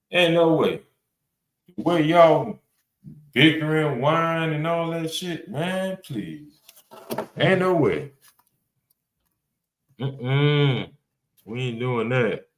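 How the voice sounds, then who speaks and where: A man's voice: a little high, animated, takes it slowly, vocal fry, long pauses. A man hosting a reaction podcast panel, talking in a blunt, rambling, casual way with plenty of swearing and fillers. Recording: roomy echo.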